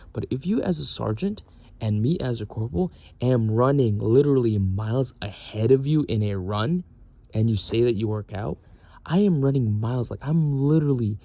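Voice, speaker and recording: A man's voice: medium pitch, gravelly, highs cut off. A young man in the military venting in a casual, profane, exasperated rant. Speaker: military service member.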